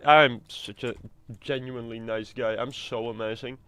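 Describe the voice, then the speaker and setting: A man's voice: mid-range voice, steady tone, normal speed, bright, forceful tone, clear, resonant tone, no room sound. A man streaming a video game, chatting casually in a rambling, self-mocking way with stammers and restarts. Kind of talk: casual gameplay chat.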